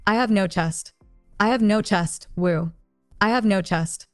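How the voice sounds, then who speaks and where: A woman's voice: medium pitch, unhurried, soft background music, natural voice. A woman reading a tipsy, tearful young woman. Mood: tearful, sulky. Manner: plain read-aloud voice, barely changed from narration.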